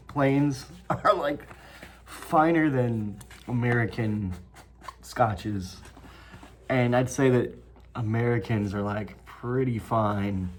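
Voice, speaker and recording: A man's voice: on the low side, slight background noise. A man hosting his own review vlog, talking loosely to the camera, swearing freely, rambling and laughing often. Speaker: snuff reviewer, channel host.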